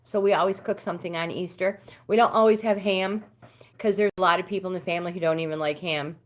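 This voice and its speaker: Middle-aged American woman, livestream host, low-pitched, casual chatter with viewers. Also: quick pace. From United States. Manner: chatty, talks back to comments, pitch swings up when animated.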